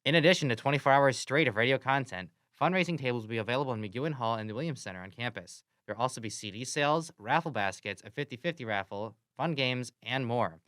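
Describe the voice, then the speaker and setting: A young man hosting a college radio show, briskly reading scripted announcements in an upbeat way. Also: mid-range voice, animated, a bit bright, dry recording, studio quality. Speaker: radio host. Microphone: studio mic.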